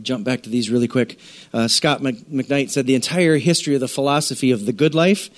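A man preaching a sermon to a church congregation, animated and conversational, often acting out the voices of listeners. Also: medium pitch, brisk. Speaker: pastor.

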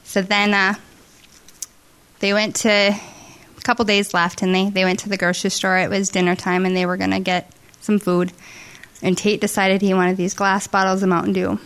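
A woman's voice: medium pitch, flat delivery, normal speed, clean tone. A middle-aged woman telling an earnest, emotional testimony story to a congregation at a church service. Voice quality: earnest, emotional, with restarts and soft asides.

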